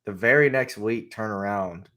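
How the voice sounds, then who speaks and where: Brief: young male co-host, lower voice, laid-back rambling sports chat. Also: normal speed, a bit bright. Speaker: podcast co-host.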